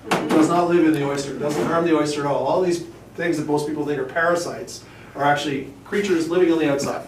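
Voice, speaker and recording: A man's voice: fairly high pitch, steady tone, fast talker. A man who shucks oysters, giving a rambling, jokey hands-on talk to shop staff and acting out little quotes as he goes. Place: fish shop, indoors. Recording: roomy, distant camera, faint hum.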